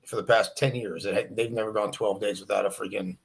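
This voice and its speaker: Man, police officer guest; casual and measured, hesitant with fillers. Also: fairly low pitch, fairly even intonation, creaky. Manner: halting, lots of fillers, measured, sees both sides. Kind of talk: casual livestream chat.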